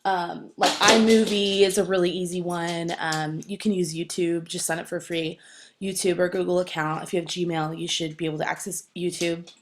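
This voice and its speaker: A woman's voice: fairly low pitch, little pitch movement, normal speed, slight background noise. A woman teacher explaining an assignment to students, firm and encouraging, with frequent fillers like "um" and "okay". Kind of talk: classroom assignment instructions.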